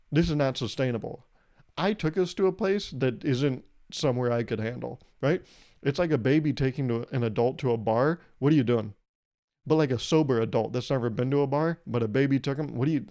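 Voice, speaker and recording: A young man riffs through a comedic podcast monologue, wry and rambling, dropping casual swears. His voice is mellow and warm, sitting in an ordinary middle pitch. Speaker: podcast host.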